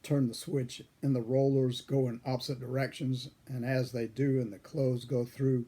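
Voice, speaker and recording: An older man telling a folksy childhood story, husky with a frog in his throat, chuckling often. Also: mid-range voice, flat delivery, moderate pace, dark tone. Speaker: pipe-smoking storyteller. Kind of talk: casual storytelling.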